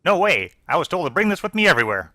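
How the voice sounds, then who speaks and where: A man voicing a stubborn young boy who talks fast and insistently. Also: very animated, sharp tone, dry recording, heavily acted. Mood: defiant. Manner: fast, high-pitched and insistent.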